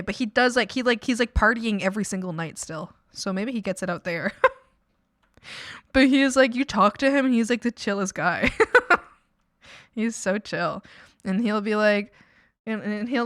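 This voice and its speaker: A woman's voice: medium pitch, fairly bright tone, no room sound, clean studio sound. A woman in her twenties chatting casually on stream, telling rambling family stories full of fillers and laughter. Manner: rambling, filler-heavy storytelling with frequent laughs. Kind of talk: casual chat.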